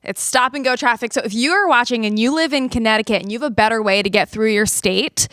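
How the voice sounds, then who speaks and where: A woman's voice: on the high side, quick pace, a bit bright, dry recording. A woman co-hosting a casual TV studio chat, upbeat and explaining things plainly, leading into segments. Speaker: co-host.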